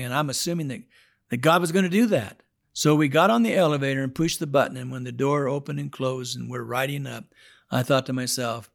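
A man telling his testimony on a podcast, swinging from hushed prayer to loud, dramatic outbursts. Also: mid-range voice, brisk, creaky. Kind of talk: storytelling testimony.

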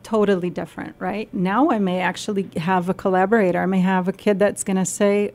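A young adult woman giving a radio talk on nutrition, explaining gently and sometimes acting out a scolding inner voice. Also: medium pitch, level tone, brisk, hardly any pauses. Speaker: guest speaker on nutrition.

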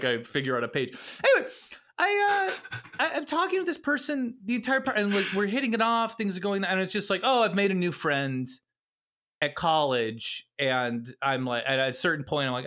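Casting: man, 30s, bright voice, self-deprecating rambler in relaxed podcast chat. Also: on the high side. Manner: rambling, self-deprecating storyteller with frequent laughs. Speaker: podcast guest.

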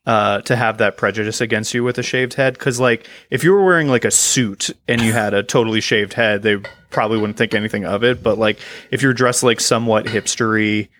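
A man co-hosting a casual chat, reasoning things through in a measured way with restarts. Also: fairly low pitch, fairly even intonation, fairly bright tone.

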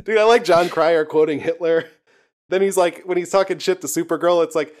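A man's voice: a little high, fairly even intonation, fairly quick. A young man co-hosting a podcast, talking loosely and profanely, laughing often as he rambles. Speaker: podcast co-host. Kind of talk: casual chat.

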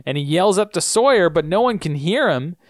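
A chatty man co-hosting a podcast who recaps a TV show with a very lively, swinging pitch. He laughs often and slips into character voices. The sound is close and dry. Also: a little fast, dry recording. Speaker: podcast co-host. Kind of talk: casual TV recap chat.

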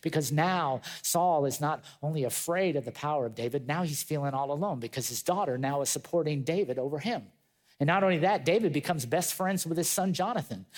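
A male pastor preaching a sermon, retelling a story with lively acted-out voices and chatty asides to his congregation. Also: on the high side. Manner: animated storytelling, acting out quoted voices.

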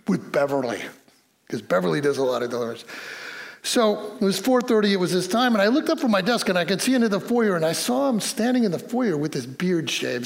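A man with a fairly high voice preaches in church. He tells the story with lively, acted-out dialogue and a playful energy. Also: gravelly. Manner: animated storytelling with quoted dialogue and laughs. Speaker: pastor. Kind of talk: sermon.

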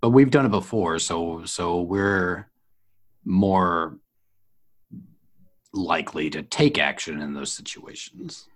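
A man voicing an earnest male adventurer in a tabletop game, measured and halting. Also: deep voice. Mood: reassuring.

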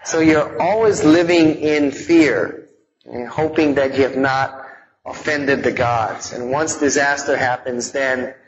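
A man teaching a live audience in a relaxed, conversational way, mixing in stories from growing up and frequent fillers. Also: medium pitch, slow, lo-fi sound. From Hawaii.

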